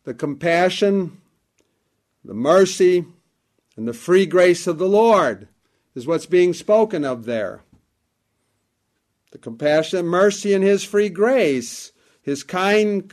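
A man preaching a sermon in an earnest, deliberate way, building emphasis through lists of words. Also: sits high, lively intonation.

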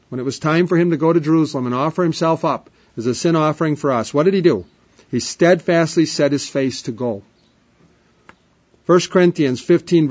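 A man preaching an emphatic sermon, repeating refrains, with his voice swelling up and dropping to a hush. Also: on the high side. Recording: dull lo-fi sermon recording.

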